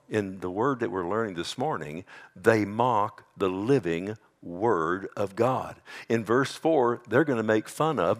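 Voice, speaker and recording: A middle-aged man, a pastor, preaching a sermon with animated delivery, mimicking mockers in a higher voice and dropping to quiet warnings. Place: church sanctuary.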